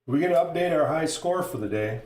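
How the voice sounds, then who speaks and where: A man's voice: a little high, fairly quick. Chatty northern Minnesota man streaming. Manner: chatty, excitable play-by-play. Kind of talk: casual live-stream commentary. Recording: echoey room with loud noise.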